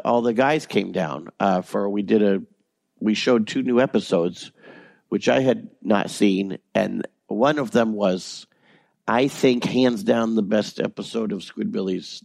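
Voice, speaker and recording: Gravelly voice actor, chatty and jokey. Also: male voice, on the low side, a little mellow, dry recording. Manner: rambling, jokey, many restarts. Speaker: voice actor guest. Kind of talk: casual interview chat.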